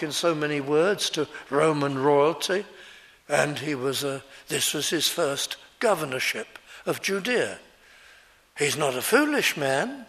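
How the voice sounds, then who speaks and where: A male preacher giving an expository sermon, explaining a scripture passage verse by verse in an earnest, measured way. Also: a little high, fairly bright tone.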